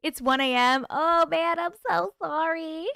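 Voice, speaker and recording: A woman's voice: very high-pitched, unhurried, creaky, pushed and bright, no echo, studio quality. A woman hosting a casual livestream chat, greeting viewers by name, reading their comments aloud and laughing often. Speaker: livestream host.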